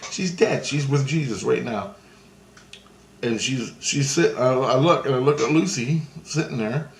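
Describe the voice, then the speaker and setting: In an unhurried, mid-range voice, a man tells the story of a dream in a casual, rambling, foul-mouthed way, often restarting and talking with his hands. Roomy echo and faint ambience surround him.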